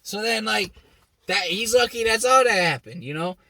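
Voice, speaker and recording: A young man hosting his own show, telling a story in a blunt, heavily profane, animated way and acting out the people he quotes. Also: high voice, moderate pace, dry recording. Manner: acts out quoted lines with raised shouting voice. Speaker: host. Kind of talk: casual storytelling monologue.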